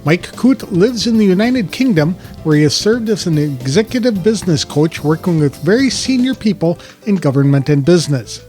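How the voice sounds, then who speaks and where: A man's voice: sits high, expressive, moderate pace, few pauses, a little mellow, soft background music. A man hosting a podcast, reading an introduction and then asking a guest friendly questions over a video call. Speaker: podcast host. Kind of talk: scripted intro then interview chat.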